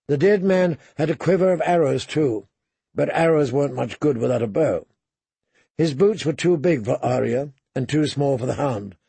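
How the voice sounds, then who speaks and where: A man narrating a story in a steady, measured reading, close to the mic. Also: mid-range voice, creaky, husky, no echo. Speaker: audiobook narrator. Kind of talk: scripted narration.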